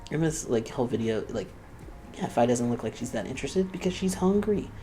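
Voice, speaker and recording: A man's voice: medium pitch, lively intonation, brisk, warm tone, soft background music. A young man hosting a reaction video, chatting casually and laughing often as he quotes the people he watches.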